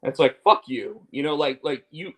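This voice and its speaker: A man's voice: on the high side, fairly even intonation, fast, low-quality recording. A man co-hosting a casual talk show, rambling through restarts and fillers, candid and casual with swearing. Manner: rambling, repeats words and fillers. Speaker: podcast co-host. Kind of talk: casual chat.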